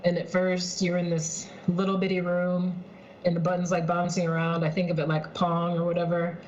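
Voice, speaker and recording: A woman's voice: on the low side, monotone, normal speed, darkish tone, lo-fi sound, a little hiss or hum. A woman casually telling a personal story on a video call from home, chatty and heartfelt, with lots of "like" and "um". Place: at home in her apartment, heater running.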